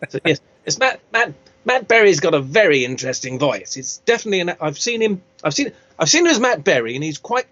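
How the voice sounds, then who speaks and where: A man's voice: a little high, sing-song, a little fast, fairly bright tone, lo-fi sound. A man being interviewed in a casual chat, hesitant and self-deprecating, often trailing off. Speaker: interviewee, steampunk maker. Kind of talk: casual video-call interview.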